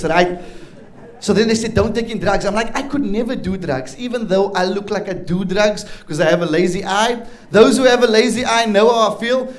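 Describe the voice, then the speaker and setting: A man with a South African accent and a fairly high voice performs stand-up in a comedy club. He keeps up a chatty flow and teases the people in the crowd as he goes. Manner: chatty, teasing crowd work.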